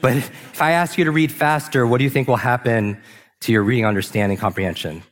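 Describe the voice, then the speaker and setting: A man giving an energetic motivational talk on a large stage, asking the audience questions and slowing down for emphasis. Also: medium pitch. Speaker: speaker. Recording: long hall reverb.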